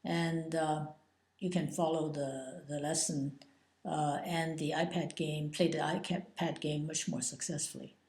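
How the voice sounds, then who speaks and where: An older woman explains Chinese words at an unhurried pace, pausing often with drawn-out fillers. Her low voice is gravelly and mellow, and it echoes in a bare room. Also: little pitch movement. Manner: hesitant, many drawn-out uh fillers. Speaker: Chinese language teacher. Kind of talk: slow explanatory lesson.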